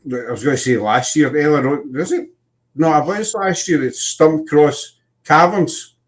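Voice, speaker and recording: A man's voice: a little high, a little slow. A man with a Scottish accent, hosting a casual chat and telling rambling stories full of fillers and restarts. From Scotland. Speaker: podcast host.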